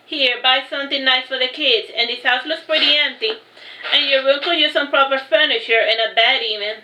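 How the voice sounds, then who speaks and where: A woman's voice: high voice, brisk, bright, forceful tone. A woman voicing a teasing, domineering adult nobleman in a storybook reading, playful and mocking in a roomy echo.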